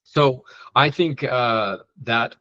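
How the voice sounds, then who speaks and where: A man co-hosting a casual movie podcast, loosely retelling scenes in a relaxed way. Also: mid-range voice, very slow, muffled recording. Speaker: podcast co-host. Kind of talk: casual movie review chat.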